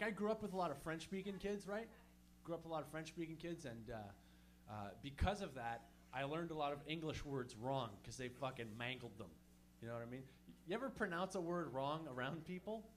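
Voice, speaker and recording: A fairly high-voiced man from Montreal works the room in a stand-up set. He talks loosely and swears freely, tossing questions at the crowd at a small comedy show. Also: a little hiss or hum. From Montreal, Canada. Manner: loose, profane, chatty, quizzes the crowd.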